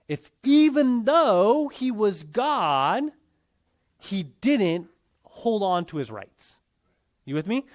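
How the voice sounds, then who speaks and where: Guy teaching bible class, highish voice that jumps around a lot, chatty, keeps asking you with me. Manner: conversational, checks in with students often. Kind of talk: classroom lecture.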